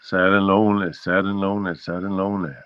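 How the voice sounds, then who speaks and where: A man voicing his pet dog as a lonely, self-pitying creature in a slow, drawn-out moan, with a dull lo-fi sound. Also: sits low, little pitch movement, a bit bright, smooth, dry recording. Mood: mournful.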